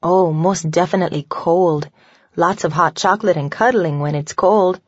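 A woman's voice: on the low side, moderate pace, husky, dry recording. A woman narrator voicing a playful, affectionate young woman in an audiobook, with a light teasing delivery. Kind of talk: audiobook dialogue. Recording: dull lo-fi dry recording.

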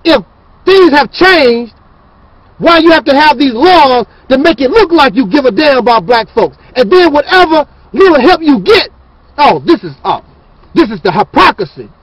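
A man's voice: extremely high pitch, sing-song, normal speed, no room sound, poor audio. A man hosting his channel, ranting in a fiery, preachy and scornful monologue. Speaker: channel host.

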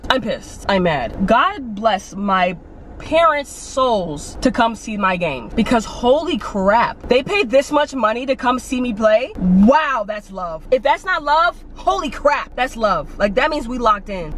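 A young woman rants to her viewers in a casual vlog, retelling every exchange with dramatic gasps and quick voices for the people she met. Her pitch sits mid-range for a woman, and she keeps it goofy and direct, talking right at the camera. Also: slight background noise. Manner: animated, dramatic storytelling with gasps and acted-out quotes. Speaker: vlogger.

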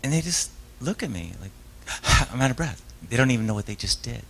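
The audio is low quality, carrying a man's medium-pitched voice that is sing-song, brisk, gravelly, and fairly bright with a breathy edge. He is a stage hypnotist giving a live author talk and taking audience questions, a rambling storyteller who interrupts himself, restarts often, laughs, and acts out voices.

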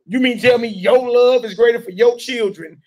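High-voiced man preaching emphatically. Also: moderate pace, darkish tone. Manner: emphatic, urging the listeners directly. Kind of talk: street-style sermon with call and response.

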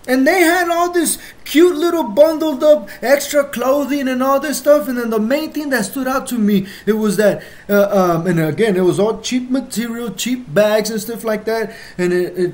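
A channel host talking straight to viewers in an emotional, heated monologue, full of profanity, with sudden loud outbursts and slow, stressed lines. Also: mid-range voice, animated.

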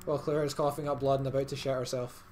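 A man's voice: mid-range voice, level tone, fast talker, a little mellow, slight background noise. A man co-hosting a game playthrough, chatting casually, laughing easily and explaining what happens on screen. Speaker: let's play co-host. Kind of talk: casual gaming chat.

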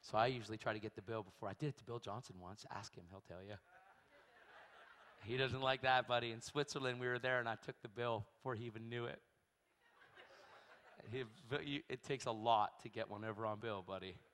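A man preaching a sermon, telling a story with animated energy and acting out the people in it. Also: medium pitch, brisk, a little hiss or hum. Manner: animated storytelling, acts out voices, shrieks in quotes. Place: large church hall. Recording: long hall reverb.

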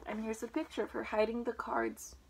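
Woman reading a storybook aloud, higher voice. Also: big pitch swings, a little fast, a little hiss or hum, poor audio. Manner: informal reading with ums and picture remarks. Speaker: reader.

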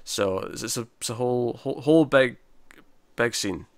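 In a casual TV-review recap on a podcast, a man co-hosting chats and rambles about a drama episode and acts out quotes. He speaks at medium pitch and a moderate pace, and there's no room sound.

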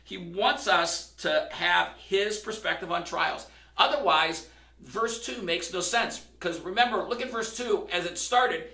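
Pastor, male, sharp, slightly high voice, conversational sermon, recorded from afar. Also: measured pace, vocal fry, far from the mic. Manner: conversational preaching, building to emphatic questions. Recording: roomy, from across the room.

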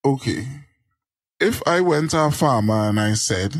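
A man from Trinidad talks as a guest on an interview podcast. His voice is a steady, slightly drony mid pitch, and he explains things at length. The sound is dry and close to the mic, with no room echo. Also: measured pace. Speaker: guest, agricultural journalist. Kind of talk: casual interview.

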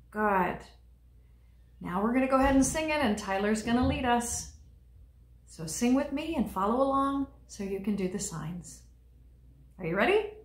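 A woman leading a children's liturgy, teaching young kids in a gentle, encouraging way and speaking right to them. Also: on the high side, animated, a little slow, long pauses, roomy sound.

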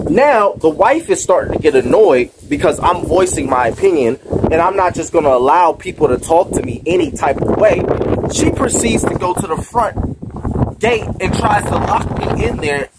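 Vlogger: high-voiced American man recounting a story with insistent emphasis, clear noise behind him. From United States. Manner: emphatic, indignant retelling. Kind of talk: personal storytelling to camera.

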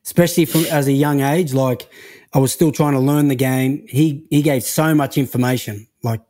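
An Australian man, a guest telling relaxed anecdotes in a casual interview over a video call from home. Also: mid-range voice, moderate pace.

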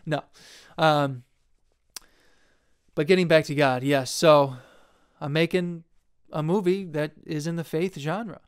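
A young man, an independent filmmaker, talking in a jumpy, self-deprecating ramble, laughing often and jumping suddenly into a high squeak. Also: a little slow, pauses often, clear, resonant tone.

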